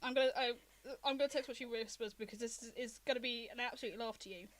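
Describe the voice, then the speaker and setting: A woman's voice: fairly high pitch, steady tone, fast talker, background noise. A young adult woman, the game master, narrating a tabletop game on a livestream with rambling ums. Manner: rambling, with frequent ums and laughs.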